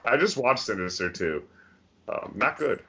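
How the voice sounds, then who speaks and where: A man co-hosting a casual movie podcast, halting and playful, with lots of fillers. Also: mid-range voice, sing-song, lo-fi sound, noisy background. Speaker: podcast co-host. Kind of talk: casual banter about movies.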